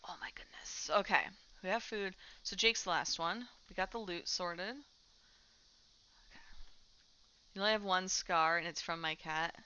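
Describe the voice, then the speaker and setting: Woman streamer, chatty gaming talk, bright and smooth voice, dull lo-fi mic. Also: on the low side, moderate pace. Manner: chatty, talks to her cat while playing. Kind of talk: casual chat while gaming.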